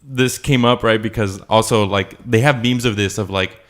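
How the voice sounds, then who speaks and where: A man's voice: on the low side, fairly even intonation, normal speed. A young man co-hosting a podcast, telling a long childhood story in a casual, rambling way, full of fillers and laughter. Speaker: podcast co-host. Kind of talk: casual chat.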